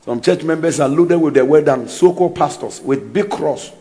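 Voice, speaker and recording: A man preaching a sermon in an animated way, shouting and mocking people's voices. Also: fairly high pitch, moderate pace.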